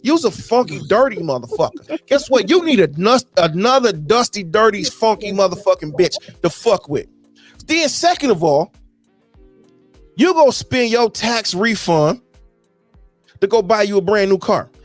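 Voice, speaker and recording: A man with a high voice, recorded dry and close, rants loudly and with plenty of profanity on a podcast. He heats up fast in casual debate and pushes toward shouting. Faint music runs underneath. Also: sing-song, no echo. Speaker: podcast co-host.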